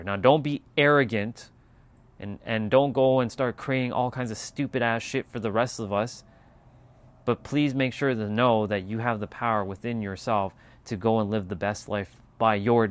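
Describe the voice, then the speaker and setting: A man's voice: lowish voice, normal speed. A man hosting a casual motivational livestream, talking emphatically with lots of repetition and casual swearing. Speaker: channel host.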